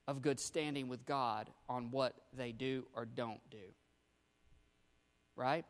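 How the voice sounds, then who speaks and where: Emphatic preacher in a reverberant hall. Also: male voice. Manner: swings from loud emphatic bursts to quiet low endings. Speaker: pastor. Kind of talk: sermon.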